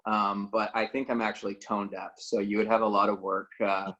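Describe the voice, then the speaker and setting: A man's voice: fairly low pitch, little pitch movement, brisk, pushed and bright, muffled recording. A man actor on a panel video call, speaking hesitantly with many "uh"s. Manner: hesitant, lots of uh.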